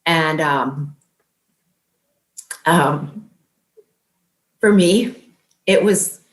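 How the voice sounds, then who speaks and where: A woman guest telling an emotional personal story in earnest, quoting what was said back and forth. Her voice sits a little low, and it carries a roomy echo. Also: drawn-out words. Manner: emotional, earnest, retells events with quoted dialogue. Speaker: interview guest.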